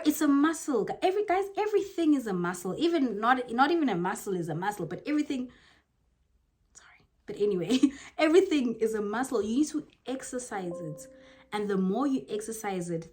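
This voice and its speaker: A young woman with a Zulu-inflected South African accent gives casual motivational advice to the camera, talking in an animated, emphatic way. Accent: South African, Zulu-inflected English. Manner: animated and emphatic, jumping to high exclamations. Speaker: motivational vlogger.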